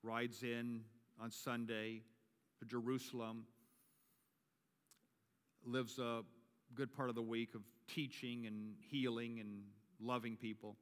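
A man's voice: medium pitch, flat delivery, slow, pauses often, clean tone. A male pastor giving a sermon and leading communion. He builds to emphatic preaching and repeats his key phrases. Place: church sanctuary. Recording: long reverb of a large church.

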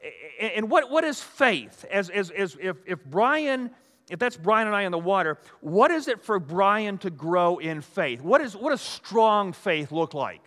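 This older preacher's voice sits high and sharp, swinging widely in pitch as he talks at an unhurried pace. His sermon to the live audience is conversational and folksy, wandering through restarts, asides, and plenty of "you know," all carried by the long reverb of a hall full of listeners.

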